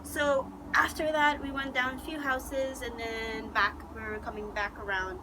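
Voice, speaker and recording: A woman vlogger telling a story in a rambling, excitable way, full of "like" and restarts. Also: high voice, measured pace. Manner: rambling, excitable, heavy use of "like". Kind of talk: casual story time. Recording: noticeable background noise.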